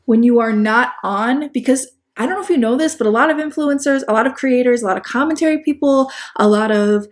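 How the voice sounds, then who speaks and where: Brisk and barely pausing, a woman with a voice on the high side and a Chicago accent riffs on a video as a commentary YouTuber. The casual video-essay commentary is sarcastic, self-deprecating, and rambling, full of restarts and asides.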